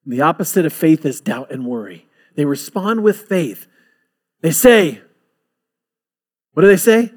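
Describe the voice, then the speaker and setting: A man's voice: a little high, expressive, measured pace, long pauses. A male pastor preaching a sermon, building emphasis with repeated phrases.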